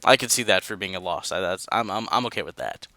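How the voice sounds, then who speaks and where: A man's voice: deep voice, expressive, fast talker, pushed and bright, dry recording. A man hosting a casual wrestling podcast, reading out match results and chatting loosely with dude and man. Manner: laid-back, says dude and man, reads out results. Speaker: podcast host.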